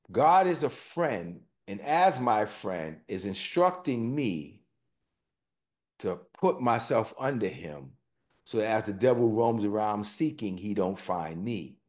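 A man preaching a sermon, reading scripture slowly and then explaining it in plain, folksy words. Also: a little mellow. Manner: reads scripture slowly, then rises in pitch and force as he explains; informal, folksy phrasing.

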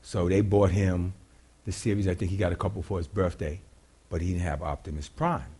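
An older man preaching a sermon in a church, telling a folksy story with animated delivery and frequent laughter. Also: deep voice, brisk, slightly rough.

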